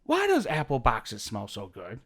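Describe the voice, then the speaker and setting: A man in a casual podcast chat with a middle-pitched voice that moves up and down a lot. He plays with jokes and keeps the riff going. The delivery is relaxed and expressive. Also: a little slow. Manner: playful, riffing on jokes. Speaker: podcast co-host.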